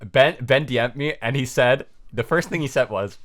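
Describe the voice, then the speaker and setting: A man's voice: medium pitch, normal speed, a bit bright. A young man chatting casually with friends during a tabletop game, laughing, swearing and acting out quoted lines. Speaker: game player. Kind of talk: casual chat between friends.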